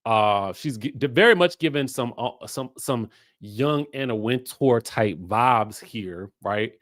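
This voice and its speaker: A man with runs a casual pop culture commentary. His pitch swings widely as he teases and riffs, and his unhurried delivery sits close and dry on the mic. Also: no room sound. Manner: animated, playful, sassy asides to viewers. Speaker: host.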